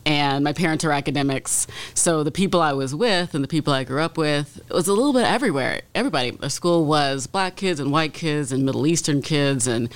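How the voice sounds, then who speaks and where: A woman's voice: deep voice, expressive, a little fast, few pauses. A woman from Detroit, an author being interviewed, answering in a thoughtful way with many ums. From Detroit, USA. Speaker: author guest.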